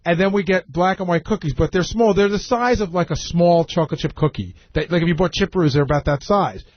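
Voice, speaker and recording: A man's voice: high-pitched, fast talker, no room sound. A man talking casually on a radio show, rambling and restarting his sentences. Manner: rambling, self-correcting, laughs often. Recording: dull lo-fi radio broadcast.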